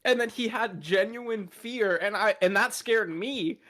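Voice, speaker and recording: Young male co-host, a bit high-pitched, loud and projecting, laughs easily. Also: a little slow. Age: young adult. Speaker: podcast co-host. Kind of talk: casual chat.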